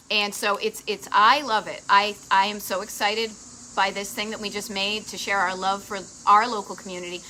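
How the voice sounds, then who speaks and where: A middle-aged woman from Massachusetts with a Boston accent, hosting a live travel show in a bubbly, chatty way with quick asides to viewers. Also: mid-range voice, bright, forceful tone, low-quality recording. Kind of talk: casual live-stream chat.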